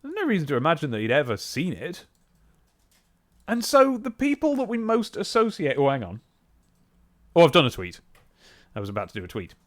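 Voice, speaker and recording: Man, 30s, game streamer, animated and chatty. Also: on the high side, fairly quick, pauses often. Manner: rambling, self-interrupting, chatty. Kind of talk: casual live-stream chat.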